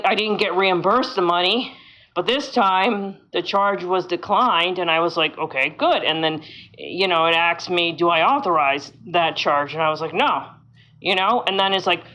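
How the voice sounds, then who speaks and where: A woman's voice: medium pitch, pushed and bright. A woman vlogging casually from a hotel room, rambling with many fillers and sounding frustrated. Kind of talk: casual vlog monologue. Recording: dull lo-fi sound.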